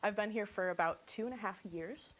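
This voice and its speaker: A woman's voice: mid-range voice, brisk, fairly bright tone. Cheerful woman developer guest. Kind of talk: livestream interview.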